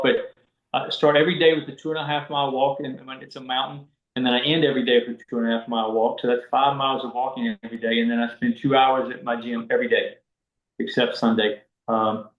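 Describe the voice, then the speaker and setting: A man's voice: medium pitch, roomy sound, dull audio. Man telling stories. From Southwest Virginia. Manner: animated, acts out quoted voices. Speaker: guest, college basketball referee. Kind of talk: casual storytelling.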